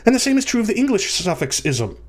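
A man giving an explanatory commentary video, animated, slowing down to spell out key terms and swooping his voice up for emphasis. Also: high-pitched.

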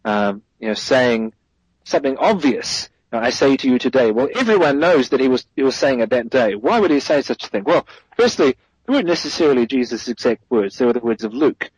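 A man's voice: mid-range voice, animated, brisk, husky, no echo, low-quality recording. A man as a guest theologian, giving a thoughtful explanatory answer in an interview, correcting himself as he goes and stressing key points.

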